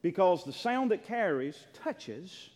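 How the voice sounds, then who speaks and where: A pastor preaching a sermon in a church, emphatic, swinging between loud declarations and hushed, near-whispered lines. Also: male voice, high-pitched, very animated, takes it slowly. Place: church sanctuary. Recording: long reverb of a large hall.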